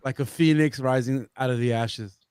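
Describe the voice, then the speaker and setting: A man's voice: medium pitch, normal speed, clean tone, no echo. Joking man talking slang, dry sound. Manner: animated, joking, slangy with "bro". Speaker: podcast co-host. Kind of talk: casual chat.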